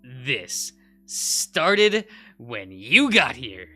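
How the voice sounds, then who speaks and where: A man's voice: medium pitch, sing-song, slow, pushed and bright, faint music behind, voice pushed up, heavily acted. A man voicing a tied-up male wolf who pleads and speaks through gritted teeth. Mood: desperate.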